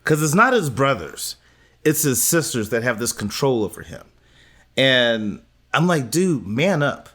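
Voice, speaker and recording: A man co-hosts a casual podcast recap. His voice is of ordinary pitch. He gives his opinions deliberately and speaks straight to his listeners. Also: sing-song, fairly bright tone. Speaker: podcast co-host.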